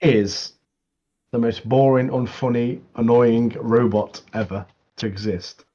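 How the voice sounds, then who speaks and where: A man's voice: mid-range voice, steady tone, slow pace, warm tone. A man co-hosting a casual gaming chat, laughing often and acting out little quotes. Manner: laughs often, acts out quotes, repeats words. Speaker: co-host. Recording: dull, lo-fi mic.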